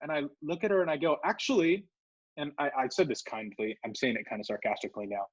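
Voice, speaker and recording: Husky man telling a lively story. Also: on the high side, fast, lo-fi sound. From Southern California. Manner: animated storyteller, acts out quoted voices. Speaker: podcast co-host. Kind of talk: casual storytelling chat.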